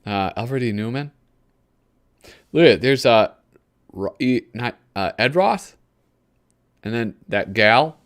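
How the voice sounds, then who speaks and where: A man's voice: mid-range voice, expressive, slow, long pauses. A male host giving casual live commentary while flipping through a magazine. He rambles, gropes for names and chuckles often.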